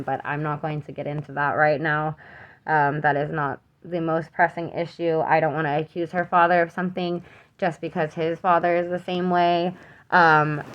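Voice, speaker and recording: Young adult woman, lower pitch, unscripted personal account, halting, earnest and troubled. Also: muffled recording. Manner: halting, with many fillers and restarts. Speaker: mother telling her own account.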